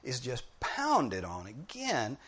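A man's voice: medium pitch, wildly swooping pitch, slow pace, a bit bright. A man preaching an expository sermon, driving points home with emphatic repetition. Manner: emphatic, repeating key phrases with rising force. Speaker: pastor.

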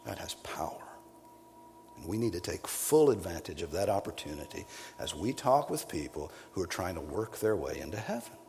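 A man's voice: very animated, fairly quick, slight background noise. Man preaching in a reverberant hall. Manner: emphatic, rises to loud peaks then drops low. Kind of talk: sermon. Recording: long hall reverb, faint ambience.

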